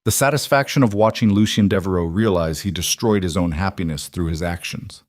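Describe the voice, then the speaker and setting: A man reading the part of a cultured male crime boss with a faint Russian accent, smooth and persuasive. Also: low voice, fairly quick, dry recording, studio quality, natural voice. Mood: smooth menace.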